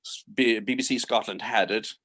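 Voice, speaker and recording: An older Irish man, a guest on a casual interview show, telling stories in a lively way, acting out what people said and chuckling often. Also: lowish voice, normal speed. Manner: lively anecdotal, acts out quoted dialogue, chuckles often.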